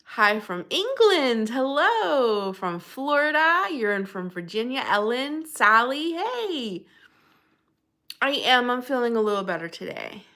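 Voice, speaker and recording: A woman's voice: a little high, very animated, slow pace, sharp tone. A woman hosting a casual livestream, chatting and greeting viewers by name in a bubbly way. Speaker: livestream host.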